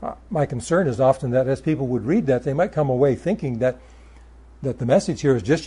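A man's voice: mid-range voice, fairly quick, warm tone, husky. A man preaching a sermon, reading scripture aloud and explaining it with emphatic stress on key words and occasional stammered restarts.

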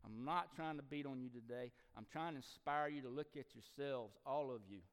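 A man's voice: medium pitch, normal speed, clear, resonant tone. A middle-aged man preaching a sermon with passion, his voice swelling and dropping as he repeats phrases. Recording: long hall reverb.

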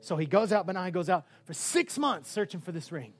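Male preacher, high-pitched, passionate sermon delivery, faint music bed. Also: very animated, brisk. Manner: impassioned, swinging from shouts to hushed tones.

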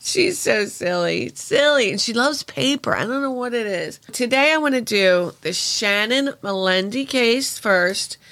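A woman's voice: a little high, animated, unhurried, hardly any pauses, fairly bright tone. A woman hosting a true crime podcast at home, talking in a rambling, emotional, casual way and swearing freely. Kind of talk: casual monologue.

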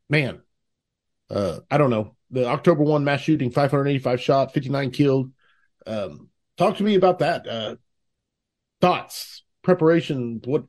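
A man hosting a podcast, asking a question in a halting way as he searches for words. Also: mid-range voice, darkish tone. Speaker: podcast host. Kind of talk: interview questions.

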